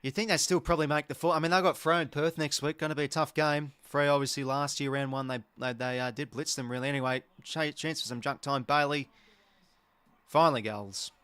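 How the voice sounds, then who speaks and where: An Australian man hosting a live football watch-along, talking as an excitable, sweary fan who reacts to each play. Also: on the high side, fairly quick, clear, resonant tone, dry recording. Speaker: host.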